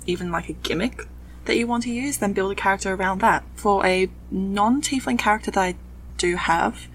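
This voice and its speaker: A woman with a soft Australian accent that leans English, chatting at length as a podcast guest. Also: medium pitch, fairly quick, a little hiss or hum, poor audio. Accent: soft Australian, leaning English. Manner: chatty, explains at length with fillers. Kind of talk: casual podcast chat.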